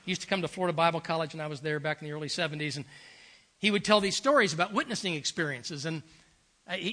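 Older man, pastor, sermon, high voice, emphatic storytelling. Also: fast, sharp tone. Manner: earnest, emphatic storytelling with repeated phrases.

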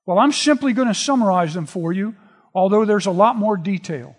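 A man preaching a sermon, retelling scripture in a relaxed, conversational storytelling way. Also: sits high, a little fast. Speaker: pastor. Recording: long reverb of a large hall.

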